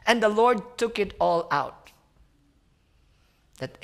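High-voiced man telling a sermon story. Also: slow pace, gravelly, pauses often. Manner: animated, addresses listeners as friends. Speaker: guest speaker.

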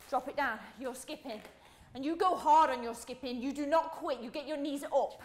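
A woman's voice: high voice, unhurried, slight background noise. A woman leading a workout as fitness instructor, breathless, counting reps and pushing the listener hard, wearing a clip-on mic. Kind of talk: workout coaching.

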